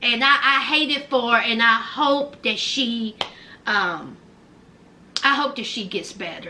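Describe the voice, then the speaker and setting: Loud sassy lady doing gossip vlog, high bright voice, takes her time. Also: measured pace, a little hiss or hum. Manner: loud, animated, sassy, calls viewers child and honey. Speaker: gossip vlogger. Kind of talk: casual gossip commentary.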